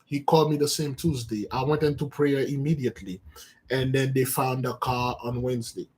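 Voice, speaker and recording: A man's voice: mid-range voice, steady tone, normal speed, darkish tone. A man preaching on a live stream in an impassioned, emphatic way, often repeating and restarting his phrases. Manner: emphatic and repetitive, with many restarts. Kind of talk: impassioned livestream sermon.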